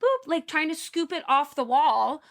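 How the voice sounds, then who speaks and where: Young woman podcast co-host, high voice, chatty animated storyteller. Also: normal speed. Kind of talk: casual chat, storytelling.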